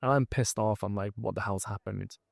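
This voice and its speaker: A man's voice: fairly low pitch, fairly quick, gravelly, dry recording, studio quality. A man hosting a podcast, asking a casual question and giving a made-up example, with fillers. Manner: conversational with fillers, gives a hypothetical example. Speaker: podcast host. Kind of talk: interview questions.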